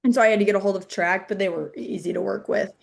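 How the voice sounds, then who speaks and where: A woman's voice: medium pitch, fast, creaky. A young woman from Iowa, a head wrestling coach, chatting casually as a guest and saying "like" a lot. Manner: chatty, heavy use of "like". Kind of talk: casual interview chat.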